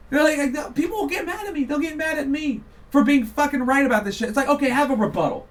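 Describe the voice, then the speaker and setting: High-pitched dude ranting and cussing on his podcast, kinda far from the mic. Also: sing-song, fairly quick. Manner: heated, sweary, mocking. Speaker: podcast host. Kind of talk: profane political rant.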